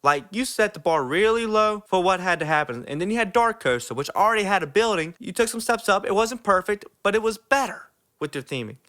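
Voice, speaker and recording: A man's voice: sits high, animated, brisk, pushed and bright. A young man giving an enthusiastic, casual theme park ride review, full of "like" fillers.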